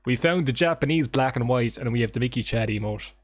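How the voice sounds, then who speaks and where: A man streaming a game live, chatting casually with his viewers in an excitable, joking way and swearing often. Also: mid-range voice, fast, no echo. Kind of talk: casual livestream chat with viewers. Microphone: desk microphone.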